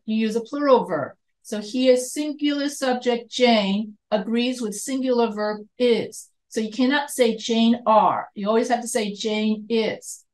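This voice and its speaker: A woman's voice: on the high side, low-quality recording. An American woman teaching an online grammar lecture, explaining step by step, repeating points and correcting herself. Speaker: writing instructor.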